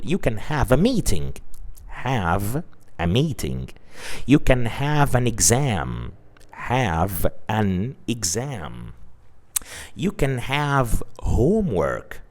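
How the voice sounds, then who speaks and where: A man teaching an English lesson, patiently explaining and repeating example phrases. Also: fairly low pitch.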